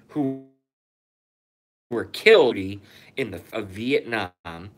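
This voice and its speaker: A man's voice: mid-range voice, lively intonation, slow, fairly bright tone. A man hosting his online show from an apartment, ranting in a furious, profane, repetitive comedic conspiracy monologue into a phone. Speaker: YouTube show host.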